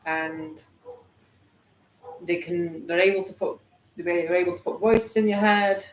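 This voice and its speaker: A host in casual chat, speaking softly and hesitantly with fillers. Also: medium pitch, steady tone, a little slow. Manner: soft, hesitant interjections. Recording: echoey room with faint background noise.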